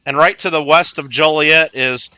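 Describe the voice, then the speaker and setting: Guy from illinois streaming a game, super bright sharp voice, chatty, teases his teammates. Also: a little high, steady tone, normal speed, clear, resonant tone, no echo. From Illinois, USA. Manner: chatty, playfully scolds teammates. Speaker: livestreamer. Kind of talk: casual gameplay chat.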